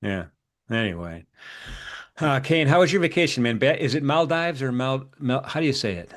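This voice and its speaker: A man hosting a live trading broadcast talks through chart levels in a loose, rambling chat, full of fillers and false starts. His voice sits at an ordinary pitch for a man. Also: lively intonation, normal speed. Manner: casual, rambling, many fillers and restarts. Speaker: market strategist and show host.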